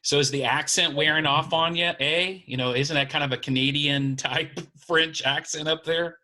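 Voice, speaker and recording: A man's voice: on the high side, steady tone, moderate pace, bright, forceful tone. A man with an Ohio accent co-hosting a casual interview, asking friendly questions and teasing his guest lightly. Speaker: co-host. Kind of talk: casual video-call interview.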